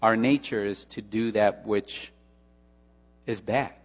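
A male pastor preaching a sermon, emphatic, with dramatic pauses and repetition, in a church hall. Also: lowish voice, steady tone. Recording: long hall reverb with mains hum.

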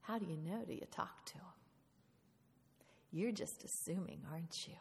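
A woman preaching a lively sermon in a church, playful and animated, often asking the congregation questions. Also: on the low side, normal speed, creaky. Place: church hall. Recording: reverberant hall.

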